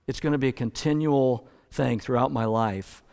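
A middle-aged male pastor preaching a sermon in a relaxed storytelling way, correcting himself now and then. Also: mid-range voice, moderate pace, creaky. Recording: long hall reverb.

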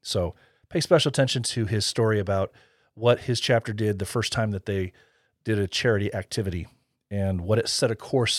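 A man's voice: on the low side, dry recording, clean studio sound. A man hosting a podcast, chatting casually and rambling, with frequent laughs. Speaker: podcast host.

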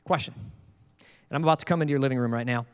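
A male pastor preaching a sermon in an animated, jokey way. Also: medium pitch, rapid-fire, smooth, in a large hall. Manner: animated, jokey, acts out quoted voices.

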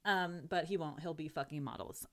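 A woman's voice: deep voice, normal speed. A woman co-hosting a podcast in casual chat, blunt and sarcastic, swearing freely. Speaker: podcast co-host.

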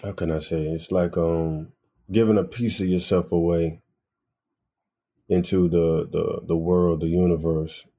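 Laid-back young man, low voice. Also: level tone, a little slow, dark tone. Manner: laid-back storytelling, acts out voices in anecdotes. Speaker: musician guest. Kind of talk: casual interview conversation.

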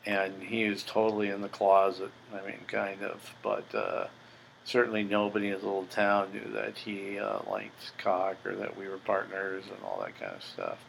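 A man's voice: on the low side, moderate pace, gravelly, slight background noise, rough recording. An older man hosting a podcast, telling a story in a blunt, profane, boastful way. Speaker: podcast host. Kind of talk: casual storytelling monologue.

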